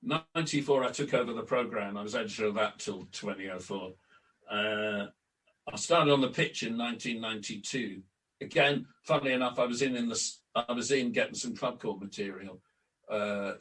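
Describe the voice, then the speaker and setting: An older man sits a little back from the microphone, so his lowish voice sounds distant. He tells long anecdotes in a relaxed interview, acting out old conversations and restarting his sentences often. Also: moderate pace. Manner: anecdotal, acts out quoted exchanges, frequent restarts. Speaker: interview guest, former club announcer and editor. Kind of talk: storytelling in a relaxed podcast interview. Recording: distant from the mic.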